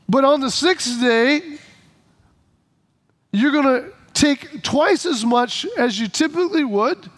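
A pastor with a strikingly high voice for a man preaches to his congregation. He talks casually and tells humorous stories. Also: slow, pauses often. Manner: conversational, humorous storytelling. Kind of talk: sermon.

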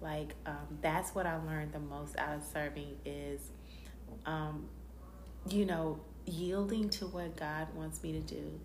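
Lower-voiced woman telling church stories, acts out the quotes, roomy echo. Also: slow. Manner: animated storyteller, acts out quotes. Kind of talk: casual faith chat. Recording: roomy echo, faint background noise.

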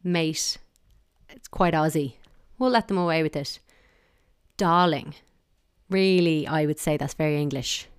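A woman's voice: deep voice, measured pace, pauses often, clear, resonant tone, dry recording, studio quality. An Irish woman talking casually and wryly, giving her opinions in a chatty monologue.

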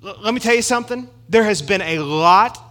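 A man's voice: sits high, expressive, moderate pace, pushed and bright. A middle-aged man preaching a sermon in an emphatic, conversational way, with asides to the congregation. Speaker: pastor.

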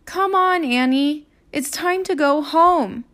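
A woman's voice: sits high, slow pace, fairly bright tone, pitched above the performer's own voice. A woman voicing a sensible, cautious eight-year-old boy in a children's story read-aloud, sounding reluctant and exasperated. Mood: doubtful.

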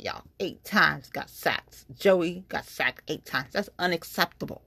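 A woman's voice: fairly low pitch, sing-song, normal speed, vocal fry, hardly any pauses, bright, forceful tone, no echo. A woman vents to her listeners in a casual, blunt rant full of slang and profanity. The sound is dry and close, with no room around it.

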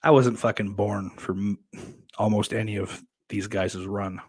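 A man's voice: on the low side, fairly even intonation, a little slow, darkish tone, slightly rough, no echo. A young man streaming live, reading chat messages aloud and rambling bluntly about wrestling with lots of swearing, close to a desk mic. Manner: blunt, profane, rambling with restarts and laughs.

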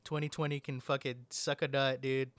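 A man's voice: medium pitch, level tone, moderate pace, smooth, no echo. A man in casual chat with a friend, rambling, swearing often and filling his talk with "like". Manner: rambling, swears a lot, fills with "like".

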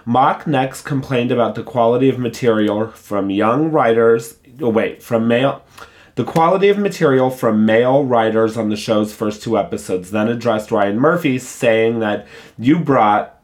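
A man's voice: medium pitch, moderate pace. A man who reads a gossip article aloud, then gives his candid, opinionated take in a casual, conversational way. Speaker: pop culture commentator.

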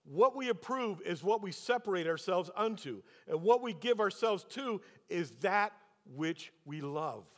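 A man's voice: high voice, lively intonation, a little slow, hardly any pauses, a bit bright. A man preaching as a pastor, telling a personal story and then pressing the congregation with rhetorical questions. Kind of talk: sermon. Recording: long hall reverb.

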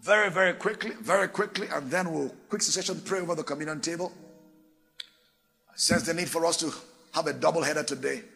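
A man preaching a sermon, animated and theatrical, acting out little voices. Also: fairly high pitch, fast, gravelly, soft background music. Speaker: pastor.

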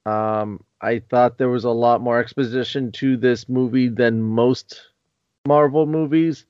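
A man's voice: medium pitch, fairly even intonation, a little slow, clear, resonant tone, no echo, highs cut off. A man hosting a podcast, talking casually and rambling with restarts. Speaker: podcast host.

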